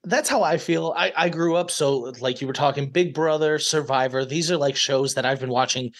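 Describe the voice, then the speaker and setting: A man's voice: a little high, steady tone, moderate pace. A man in his late twenties, a guest chatting casually on a video call and laughing often. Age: late 20s. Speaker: podcast guest, reality show contestant. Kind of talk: casual chat.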